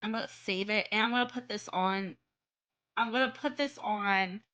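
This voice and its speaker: A woman's voice: mid-range voice, normal speed, bright, forceful tone. A young woman with a Midwest-Southern American accent, chatting casually while she draws on stream, rambling and correcting herself as she goes. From southern United States. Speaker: art streamer. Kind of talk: casual chat while drawing.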